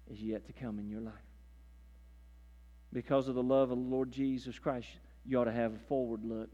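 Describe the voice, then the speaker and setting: A man preaching a sermon as pastor, folksy, calling listeners "man" and "beloved", swinging from loud fervor to hushed intensity, in a church. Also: medium pitch, long reverb tail.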